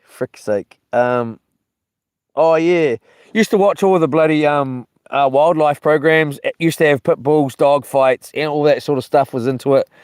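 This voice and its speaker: Slow, rambling camping vlogger, a man. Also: a little high, a little mellow, smooth, no echo, studio quality. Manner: meandering, loses his thread, mild cursing. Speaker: solo camping vlogger reading live chat. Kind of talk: casual rambling live chat.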